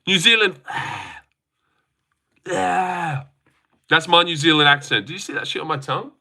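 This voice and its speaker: Young male streamer, casual chat, brash and profane, fairly high and very bright voice. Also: fast. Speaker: livestream host. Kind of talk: casual livestream chat reading comments.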